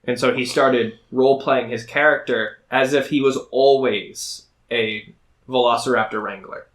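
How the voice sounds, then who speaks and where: A man's voice: mid-range voice, steady tone, a little slow, a bit bright. A man co-hosting a podcast in casual chat, rambling with lots of fillers as he tells game stories. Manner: chatty, rambling with many fillers. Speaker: podcast co-host and dungeon master.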